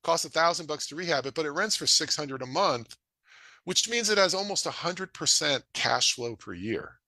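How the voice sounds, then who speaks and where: A middle-aged man presenting to an audience in an energetic, folksy way, acting out dialogue. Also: moderate pace, no echo. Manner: energetic, folksy, acts out dialogue with rising pitch. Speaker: real estate investor presenting a webinar.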